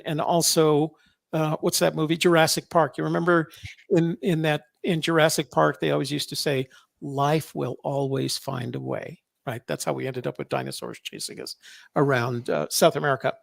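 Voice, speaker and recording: A man's voice: fairly high pitch, gravelly, no echo, studio quality. A man co-hosting a podcast, talking casually and rambling, often correcting himself. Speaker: podcast co-host. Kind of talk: casual political chat.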